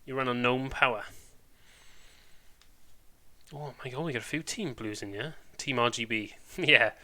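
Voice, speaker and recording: A man's voice: mid-range voice, fairly quick, pushed and bright. A man with a Welsh accent, chatting casually and rambling on a live stream, full of British slang.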